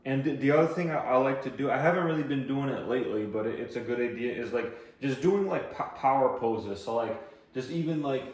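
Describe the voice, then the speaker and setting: A man's voice: mid-range voice, expressive, a little fast. A man giving casual sales training, rambling with many fillers and restarts. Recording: echoey room, voice from a distance.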